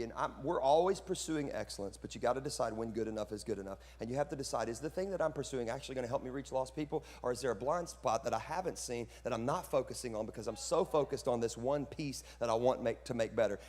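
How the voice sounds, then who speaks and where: A man preaching to fellow pastors, joking and breaking into bursts of preacher fire. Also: medium pitch. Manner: lively, joking, preacherly outbursts. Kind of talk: conference sermon to pastors. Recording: hall reverb.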